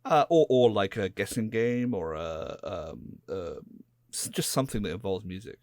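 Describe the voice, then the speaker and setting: Low-voiced West Country man chatting. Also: animated, moderate pace, darkish tone, no echo, clean studio sound. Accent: West Country English. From England. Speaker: podcast co-host. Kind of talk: casual chat.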